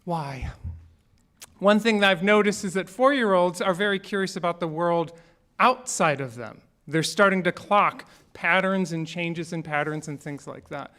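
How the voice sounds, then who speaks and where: Male minister, fairly high voice, relaxed conversational sermon with humor. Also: normal speed. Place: church sanctuary.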